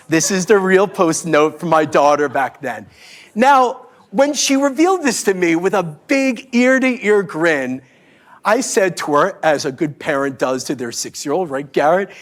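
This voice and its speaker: A man in his forties giving a talk on stage, telling a story in a playful, animated way with self-mocking humor. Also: fairly high pitch, normal speed. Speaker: speaker at a live talk event. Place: stage before a live audience.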